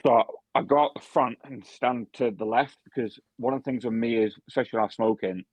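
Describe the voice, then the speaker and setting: A man's voice: medium pitch, fairly quick, darkish tone, no room sound. A young man co-hosting a podcast, telling a story in casual chat, swearing heavily with lots of restarts and fillers. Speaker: podcast co-host and barman. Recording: dry, dull lo-fi podcast mic.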